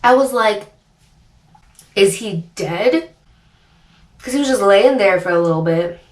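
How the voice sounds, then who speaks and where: A young woman vlogger telling a storytime story in a chatty, animated way, full of filler words. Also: medium pitch, a little slow. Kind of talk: storytime chat. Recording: roomy echo, distant mic.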